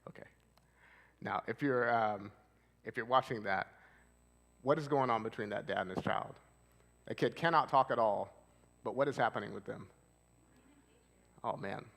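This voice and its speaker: A man's voice: medium pitch, normal speed, creaky, pauses often, fairly bright tone. Man, therapist, casual seminar talk, conversational, questions to audience, long church-hall reverb. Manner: conversational, asks the audience questions, loose with fillers. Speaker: marriage and family therapist giving a church seminar. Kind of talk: casual live presentation to an audience.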